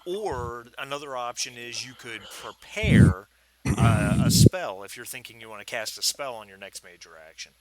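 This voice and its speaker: A man acts as game master for a tabletop game, speaking at normal speed in a mid-range voice. His manner is relaxed and hesitant, with plenty of fillers.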